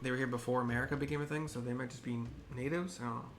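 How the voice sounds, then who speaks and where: A man's voice: mid-range voice, steady tone, very fast, soft background music. A man giving casual commentary on a video game for blind viewers, rambling, hesitant and often correcting himself. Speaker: gaming streamer narrating for blind viewers.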